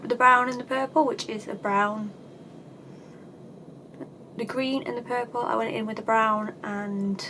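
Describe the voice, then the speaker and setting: A high-pitched woman talks through her makeup tutorial in a loose, chatty way. She is self-deprecating and slips into dry sarcasm. A clear hum of background noise sits under the home recording. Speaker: beauty vlogger. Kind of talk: casual makeup tutorial chat.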